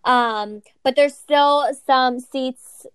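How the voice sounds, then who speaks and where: A woman's voice: sits high, extremely slow, fairly bright tone, clean tone, no echo. A woman co-hosting a podcast in casual chat, brash and swearing freely. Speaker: podcast co-host.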